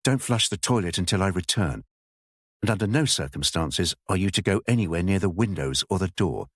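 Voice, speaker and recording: A man's voice: sits low, expressive, a little fast, husky, no echo, studio quality. A man voicing a curt, wary English village schoolteacher woman who speaks in a clipped, firm way. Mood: firm, brisk.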